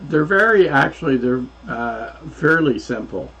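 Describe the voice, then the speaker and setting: A man co-hosting a casual crafting livestream, explaining things slowly and patiently with some hesitation. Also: mid-range voice, animated, bright, forceful tone, breathy edge. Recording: dull, lo-fi audio with faint noise.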